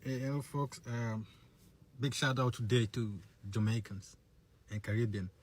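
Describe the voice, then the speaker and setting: A man from Africa giving a casual shout-out to camera. He speaks emphatically and repeats his phrases. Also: medium pitch, unhurried.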